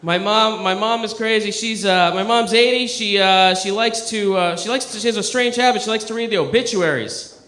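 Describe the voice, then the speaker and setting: A male stand-up comedian works a club crowd in a high, bright voice. His delivery is conversational and self-deprecating, with deadpan asides, heard through a handheld mic in an echoey room. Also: moderate pace. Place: comedy club stage with a live audience.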